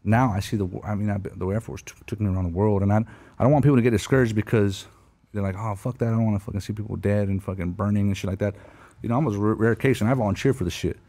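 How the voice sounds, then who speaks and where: A man's voice: fairly low pitch, warm tone, no room sound. A man telling war stories in casual talk, swearing often, repeating himself and calling the listener bro and homie. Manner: profane, repeats words, says bro and homie. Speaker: podcast guest, Air Force veteran. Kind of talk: casual storytelling.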